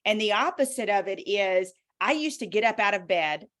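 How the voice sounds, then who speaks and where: A woman with a Southern US accent, an author talking through her own stories in a lively, motivational way as an interview guest. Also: mid-range voice, normal speed. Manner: animated, storytelling, motivational. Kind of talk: casual interview talk.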